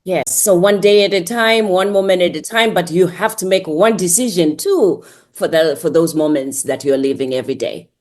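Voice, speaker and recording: A woman hosts an interview podcast with a slightly low voice. She mostly offers brief affirming murmurs, then adds a slow, reflective remark of her own. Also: darkish tone. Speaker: podcast host.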